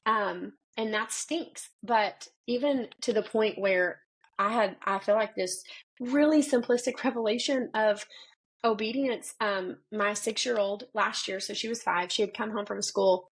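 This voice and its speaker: A woman in her thirties, a children's pastor and podcast guest, telling a parenting story in animated conversation. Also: unhurried, slightly rough, rough recording. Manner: animated storyteller who acts out dialogue with pitch jumps. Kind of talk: conversational faith interview.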